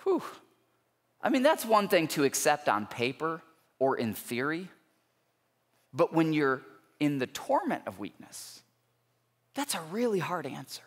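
A man preaching a sermon as a pastor, earnest and emphatic, building intensity with pauses for weight. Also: on the high side, very animated. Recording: long church hall reverb.

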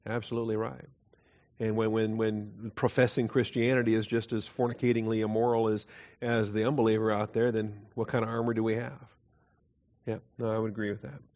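A man teaching a Bible doctrine class in a conversational way, with frequent fillers, quiet chuckles and questions to the room. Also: lowish voice, little pitch movement, a little fast. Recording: dull lo-fi class recording.

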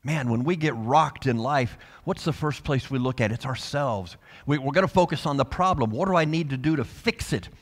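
A male pastor preaching a sermon with passion, dropping to soft tones and then rising to loud calls. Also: mid-range voice, normal speed, few pauses, in a large hall. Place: church sanctuary.

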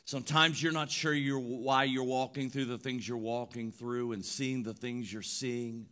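With a steady, medium-pitched voice at a somewhat slow pace, this pastor's sermon starts in quiet reflection and builds to loud emphasis. Repeated phrases give it a strong rhythm.

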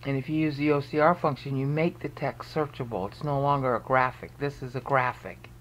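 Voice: medium pitch, fairly quick. A presenter narrating a screen-recorded walkthrough, thinking aloud while searching on screen and making pointed, emphatic remarks. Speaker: video presenter explaining research.

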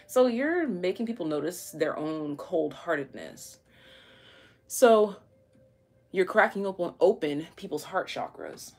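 A woman's voice: deep voice, big pitch swings, normal speed, hardly any pauses, slightly rough. A woman giving a casual, chatty tarot reading to her viewers, full of slang and fillers. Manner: chatty, slangy, thinks aloud with many fillers. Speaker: tarot reader.

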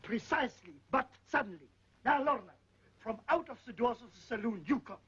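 An actor playing an excitable film director who shouts orders and mangles his English, with a raspy voice. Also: very high-pitched, a little fast, heavily acted. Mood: bossy. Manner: shouting, fussy, broken English. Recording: dull old film soundtrack with music.

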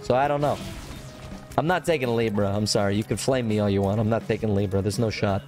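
A young man streaming a game, chatting casually and rambling with excitement, swearing and breaking into high whoops. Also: fast, faint music behind. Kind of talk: casual gameplay commentary.

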